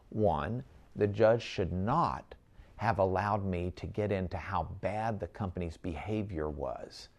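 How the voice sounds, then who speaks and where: A man who is a trial lawyer, explaining a case in a measured, wry way during an interview. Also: low-pitched, vocal fry.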